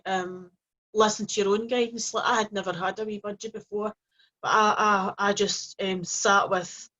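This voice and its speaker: Soft-spoken woman telling a story, lo-fi. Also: medium pitch. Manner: gentle, rambling, with frequent restarts and soft fillers. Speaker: host. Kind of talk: casual personal storytelling to camera. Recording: dull lo-fi recording.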